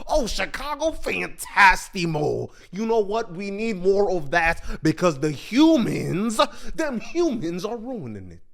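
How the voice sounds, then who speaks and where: A man's voice: high-pitched, sing-song, a little slow, creaky, few pauses, full character voice. A man voicing a male dinosaur villain who taunts the hero in a mocking way. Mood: gloating.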